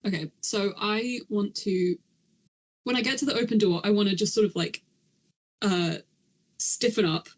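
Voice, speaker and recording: A woman player in a podcast tabletop game, thinking aloud in a loose, casual way. Her voice is husky and breathy. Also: medium pitch, moderate pace, pauses often. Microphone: podcast mic.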